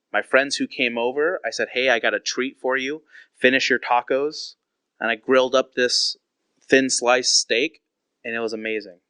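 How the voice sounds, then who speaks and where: A man's voice: mid-range voice, pushed and bright, clear, resonant tone, dry recording. A man in his thirties, a pastor, preaching in a candid storytelling way and acting out quoted conversations.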